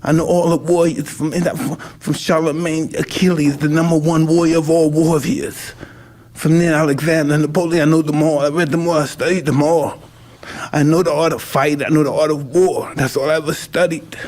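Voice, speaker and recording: A man's voice: fairly high pitch, flat delivery, normal speed, darkish tone. A man in his fifties, a retired boxer talking on a podcast, rambling and intense, often breaking off mid-sentence. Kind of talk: emotional conversation.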